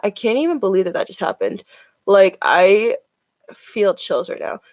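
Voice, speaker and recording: A woman's voice: mid-range voice, sing-song, moderate pace, darkish tone, no echo. A woman chatting casually on a live stream as she reads tarot cards, filling her talk with "like". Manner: chatty, with many "like" fillers.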